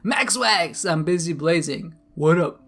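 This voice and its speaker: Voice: mid-range voice, expressive, a bit bright. A streamer voicing a laid-back young male stoner while reading his texts aloud in a game playthrough. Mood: drawling. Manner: slow drawling stoner voice.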